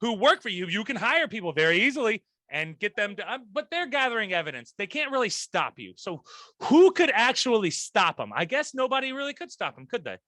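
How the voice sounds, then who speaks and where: A man with a high, bright voice talks loosely on a podcast. He is animated and blunt, swearing often and laughing. The sound is close and dry. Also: a little fast, dry recording. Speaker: podcast co-host. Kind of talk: casual chat.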